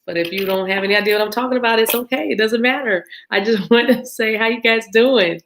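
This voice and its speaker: A woman's voice: a little high, fast, a little hiss or hum, poor audio. Chatty American woman tarot reader. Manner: chatty, warm greetings to viewers, laughs often. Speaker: tarot reader hosting a live stream. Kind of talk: casual live-stream chat.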